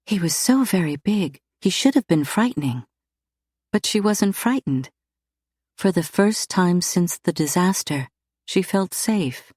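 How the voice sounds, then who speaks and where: A woman reads a romance audiobook in a measured, even way. Her voice is low and deep for a woman, and the recording is dry and close. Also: husky, dry recording. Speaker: audiobook narrator. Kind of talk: scripted narration.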